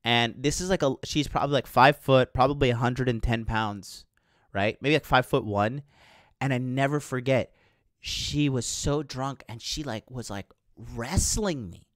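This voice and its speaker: Man, dating coach host, crude and profane, rambling live chat talk, mid pitch, dry close sound. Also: measured pace, no room sound. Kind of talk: casual livestream talk to chat viewers.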